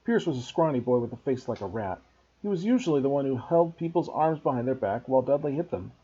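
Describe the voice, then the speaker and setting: A man, a teacher, reading a children's novel aloud to students in an expressive storybook narration. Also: medium pitch, quick pace, husky, lo-fi sound.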